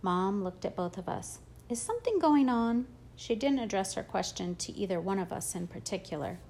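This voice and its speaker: A woman reading a first-person audiobook in a steady, plain storytelling manner. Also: lowish voice, fairly quick, gravelly, slight background noise. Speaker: audiobook narrator.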